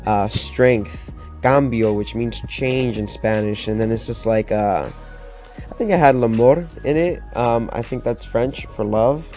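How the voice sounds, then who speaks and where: Young man, casual storytelling, mellow dark voice, faint background music. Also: medium pitch, a little slow. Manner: chatty, excitable, lots of fillers. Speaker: vlogger.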